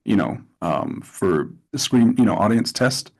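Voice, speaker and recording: Gravelly low-voiced man telling stories. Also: measured pace. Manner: animated storytelling with repeated restarts. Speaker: actor, interview guest. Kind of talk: casual interview chat.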